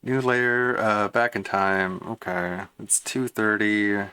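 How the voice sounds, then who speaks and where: A man's voice: lowish voice, steady tone, slow, sharp tone, clean tone, no room sound. Dry, mocking, foul-mouthed male streamer. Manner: mocking, profane ranting. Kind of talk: casual reaction commentary.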